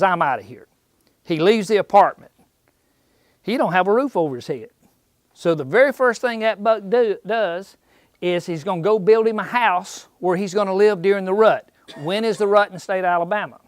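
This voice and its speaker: A man's voice: high-pitched, no room sound, clean studio sound. A man giving a live hunting seminar in a shop. He tells jokey folksy stories, acts out characters in slang and quizzes his listeners. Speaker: seminar speaker on deer hunting. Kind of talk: live seminar talk to a small crowd. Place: indoor outdoor shop.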